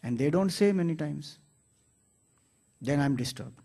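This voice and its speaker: A spiritual teacher speaks in a high, clear voice. His talk is earnest and explanatory, with scripture quoted along the way. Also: lively intonation, measured pace, mellow. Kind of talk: spiritual discourse.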